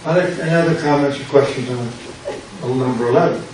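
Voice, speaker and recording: An older man, a pastor, slowly and patiently explaining grammar in a classroom lecture. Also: medium pitch. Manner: slow, patient explaining with repetition. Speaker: pastor teaching a Greek class. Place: church classroom. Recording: echoey classroom from far off with background noise.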